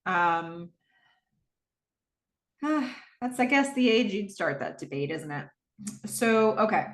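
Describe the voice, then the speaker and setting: A woman's voice: mid-range voice, animated, slow. A woman hosting a podcast, recapping a TV episode in a casual, chatty way with frequent fillers. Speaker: podcast host. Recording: roomy echo.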